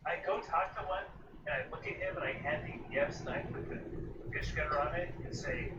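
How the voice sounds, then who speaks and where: A man's voice: on the high side, moderate pace. A man playing a tabletop game, joking in an offhand way. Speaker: player. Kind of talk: casual tabletop play. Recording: distant echoey mic, noisy and dull.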